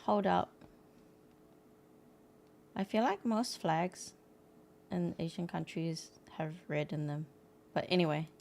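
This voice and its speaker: A woman's voice: lowish voice, slow pace, creaky, pauses often, darkish tone, slight background noise. A woman chatting casually and laughing while she reacts to a language lesson, breaking in with asides. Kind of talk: casual chat.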